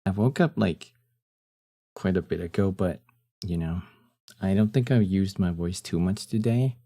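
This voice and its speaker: On a live stream, a young man chats casually in a deep, husky morning voice with a warm tone. He's laid-back and a little slow, often trailing off into fillers.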